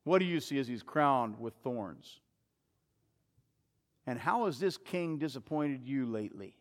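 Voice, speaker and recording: A man preaching a sermon as a pastor in a church, telling the story dramatically, acting out what the crowd shouted and asking the listeners pointed rhetorical questions. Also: medium pitch, animated, unhurried, big-room sound. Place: church sanctuary.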